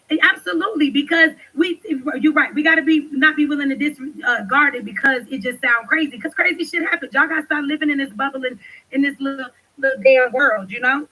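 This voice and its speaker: A woman hosting a livestream, talking loudly and passionately with lots of swearing as she rants and reads chat. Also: high voice, normal speed, poor audio. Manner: loud, passionate, profane ranting. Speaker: livestream host. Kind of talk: livestream commentary.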